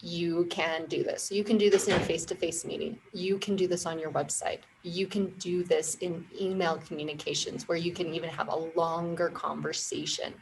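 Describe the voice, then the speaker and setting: A woman who founded a marketing firm, a podcast guest explaining ideas in clear, confident steps. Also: lowish voice, steady tone, normal speed, few pauses, background noise. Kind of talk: casual interview explanation.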